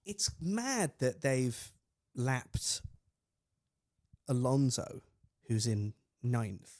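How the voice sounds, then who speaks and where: Podcast co-host, man, mid-pitched, jokey banter, close dry sound. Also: sing-song, very slow, a little mellow, dry recording. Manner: joking, banter, drinking. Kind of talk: casual chat over a live race.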